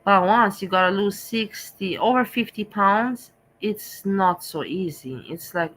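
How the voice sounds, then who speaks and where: A woman's voice: medium pitch, measured pace, hardly any pauses, fairly bright tone, a little hiss or hum, rough recording. A middle-aged woman hosting a vlog, talking candidly in a rambling, repetitive way. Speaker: vlog host. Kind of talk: candid casual chat.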